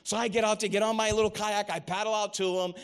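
A middle-aged man with a high-pitched voice delivers a sermon. He tells stories with rising emphasis and quotes scripture. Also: flat delivery, fast, smooth. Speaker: preacher.

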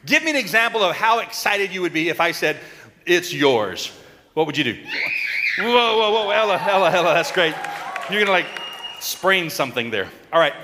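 High, animated man leading children. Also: moderate pace, background noise. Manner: animated, coaxing, calls out to the kids. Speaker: children's sermon leader. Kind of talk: lively children's sermon with audience. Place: church sanctuary with children. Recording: long reverb in a large hall, faint crowd.

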